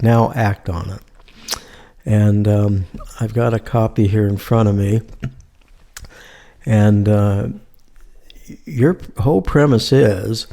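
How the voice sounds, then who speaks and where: A male host leads an interview with calm, conversational questions. His voice is low and gravelly, with a dark, mellow tone. He speaks steadily and keeps an easy pace. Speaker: podcast host. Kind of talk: casual interview talk.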